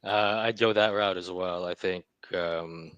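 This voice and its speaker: A man with a low, smooth voice co-hosting a sports chat. He speaks haltingly, filling gaps with ums and uhs. The sound is dry and close. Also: fairly even intonation, fairly bright tone, dry recording, dull audio. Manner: hesitant, lots of fillers. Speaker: podcast co-host.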